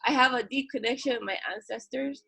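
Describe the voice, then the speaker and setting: A woman's voice: sits high, a little fast, vocal fry, a crowd in the background, poor audio. A woman from Hawaii, a tattoo artist, telling stories in a casual interview, acting out what people said. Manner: animated, acts out quoted voices, laughs often.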